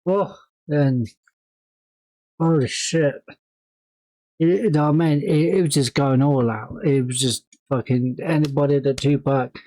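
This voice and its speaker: A man's voice: a little high, a little slow, long pauses, dark tone, dry recording, low-quality recording. A man hosting a music reaction video, talking in a rambling, casual way with plenty of swearing and laughter.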